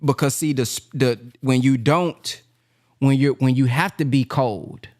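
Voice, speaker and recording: A man who is a minister and business teacher gives a casual, heartfelt talk in a plain-spoken, animated way. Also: medium pitch, measured pace. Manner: animated, plain-spoken, acts out quoted voices.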